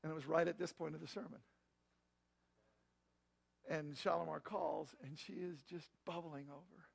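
A middle-aged man preaching, telling a story in a lively, conversational way with asides to his congregation. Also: on the high side, moderate pace, gravelly, slightly rough. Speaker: pastor. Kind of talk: storytelling sermon.

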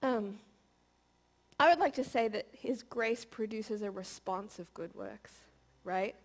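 A preacher in her thirties delivers a conversational, playful sermon, frequently asking the audience questions. Her voice is medium-pitched and slow.

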